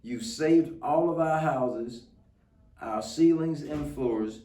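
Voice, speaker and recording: A man's voice: fairly high pitch, takes it slowly, mellow. A man doing a piping tiny mayor. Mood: grateful. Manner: chirpy, piping and eager. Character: tiny cheerful male mayor of a speck town. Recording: roomy, distant mic.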